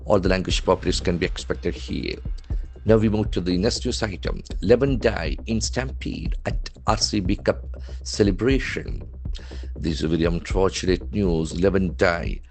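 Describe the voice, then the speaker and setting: Male trainer, lowish voice, methodical, spells words letter by letter, faint music behind. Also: measured pace, a little mellow. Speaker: English language trainer. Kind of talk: newspaper vocabulary lesson.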